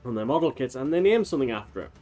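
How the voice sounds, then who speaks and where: Rambling male streamer, mid pitch. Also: sing-song, rapid-fire, mellow. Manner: rambling, talks in long tangents with many fillers. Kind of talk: casual let's-play commentary. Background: faint game music.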